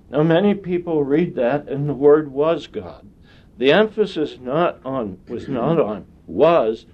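Guy preaching a sermon, slow and deliberate, bit of a higher voice. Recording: dull lo-fi sound.

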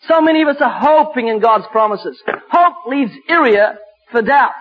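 A man preaching a sermon and telling stories from his ministry, emphatic, slowing down to stress scripture. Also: very high voice, lively intonation. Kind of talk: sermon with storytelling. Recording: dull lo-fi recording.

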